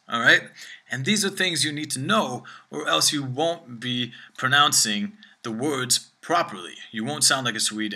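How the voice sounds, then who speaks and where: A man teaching a language lesson, checking in with "all right?" after nearly every phrase and slowing down to demonstrate words. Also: mid-range voice, pushed and bright.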